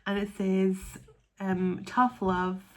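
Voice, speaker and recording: A woman giving an intuitive tarot reading to her viewers, talking in a soft, earnest and openly emotional way, and stretching out words as she reads the cards. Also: medium pitch, flat delivery, slow. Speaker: tarot card reader.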